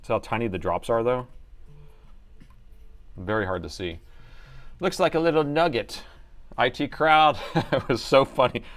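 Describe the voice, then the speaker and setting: A man's voice: medium pitch, a little slow, long pauses, fairly bright tone. A man hosting a laptop repair livestream, chatting casually to viewers and laughing often as he works. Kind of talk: casual live repair chat.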